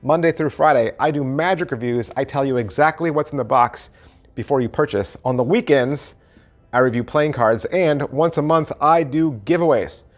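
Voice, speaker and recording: A middle-aged man hosting a channel, giving a casual, animated review of a magic trick and repeating phrases for emphasis. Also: mid-range voice, moderate pace. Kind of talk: casual product review to camera.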